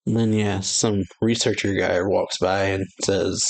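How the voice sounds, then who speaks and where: A man's voice: low-pitched, steady tone, unhurried, creaky, hardly any pauses. Laid-back man retelling a manga. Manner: rambling, chuckling, filler-heavy. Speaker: anime reaction channel host. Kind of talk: casual retelling of a manga chapter.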